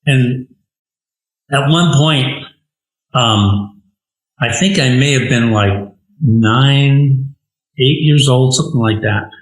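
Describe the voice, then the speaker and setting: A man's voice: medium pitch, takes it slowly, pauses often. An older American animator, a guest in an interview, telling stories from his childhood in an earnest, emphatic way. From United States. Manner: earnest, warm storytelling with emphatic rising phrases. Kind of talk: reflective storytelling in conversation. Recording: roomy echo.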